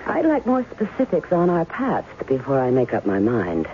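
A woman's voice: very deep voice, wildly swooping pitch, normal speed, slight background noise, exaggerated voice. An actress playing a cool, skeptical estranged wife who is testing a man, in 1970s radio drama style. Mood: sharp. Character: wary, sharp-tongued estranged wife testing an impostor. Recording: tinny old radio broadcast with music.

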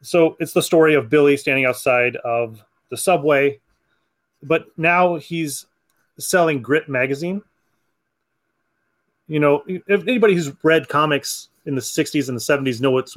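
A man hosting a comic book podcast, chatting casually, laughing often and acting out lines from comics. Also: mid-range voice. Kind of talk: casual chat.

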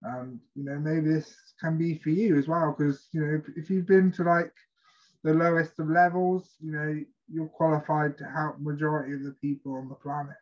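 A man's voice: on the high side, level tone, moderate pace. A man who works as a life coach, speaking earnestly and hesitantly in casual conversation. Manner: earnest, hesitant, heavy on fillers. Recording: dull lo-fi sound.

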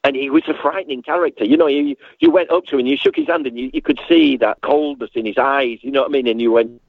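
This man's mid-range voice is creaky and quick, captured as a dry, tinny phone-line recording. Recalling a late friend as an interview guest, he reminisces in a rambling way, acting out others' voices with animation and restarting sentences often.

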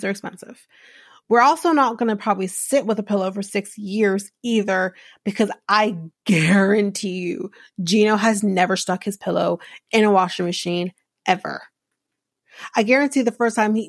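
A woman's voice: medium pitch, dry recording, clean studio sound. A woman hosting a podcast, recapping a reality show in a chatty, rambling way with many restarts. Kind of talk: casual chat recap.

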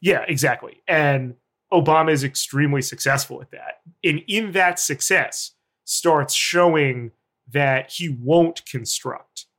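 A man, a journalist guest, giving long, deliberate analytic answers in an interview. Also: on the high side, fairly bright tone.

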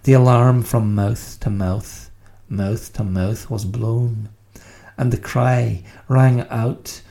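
A man reciting a grim ballad in a put-on Scottish accent, slow and declaiming, in a mock-solemn dramatic poem reading. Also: mid-range voice, fairly even intonation, gravelly, warm tone.

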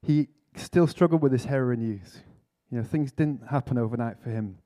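A man's voice: mid-range voice, moderate pace, warm tone. A man giving a conference sermon, telling a story earnestly with self-mocking humour. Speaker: speaker at a church conference. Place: conference hall talk.

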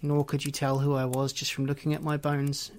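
A man reading as the ghost of a murdered woman, telling her story quietly and wryly. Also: medium pitch, completely flat delivery, a little fast, close to an everyday voice. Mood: wistful. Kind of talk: audiobook reading.

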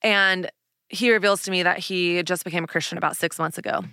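A woman hosts her own podcast and tells a personal story in a candid, lively way, full of casual fillers. Her voice sits a little low, and the close mic sound is dry. Her delivery is relaxed and conversational. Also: fairly quick, clean tone, dry recording. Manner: candid, animated retelling with laughs and fillers. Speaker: podcast host.

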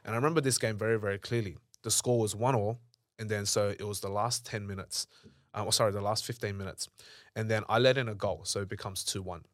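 A man's voice: fairly low pitch, steady tone, fast, no echo, clean studio sound. A young Australian man, an entrepreneur guest on a podcast, telling stories bluntly and emphatically with a lot of swearing. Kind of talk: candid storytelling in conversation.

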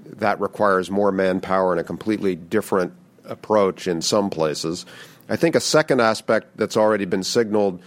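Deep, low male panelist, measured delivery, lots of "uh"s. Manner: measured, hesitant with many fillers. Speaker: panel speaker. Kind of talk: public policy Q&A.

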